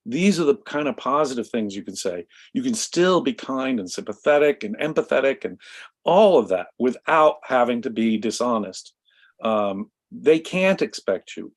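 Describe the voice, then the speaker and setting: A man in a casual discussion, telling a story in an emphatic, animated way. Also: medium pitch. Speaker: guest commentator.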